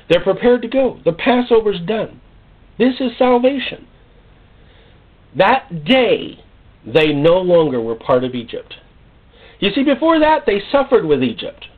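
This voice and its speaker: A male pastor preaching a sermon in an animated, storytelling way, with jokes and acted-out scenes. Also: high-pitched, husky. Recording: tinny phone-like sound.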